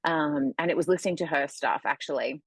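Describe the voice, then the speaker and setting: A woman's voice: low-pitched, fairly quick, gravelly, slightly rough, no room sound. A woman speaking candidly in a casual podcast conversation, giving advice about eating habits and emotions. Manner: candid, animated when acting out quotes. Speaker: guest, food coach.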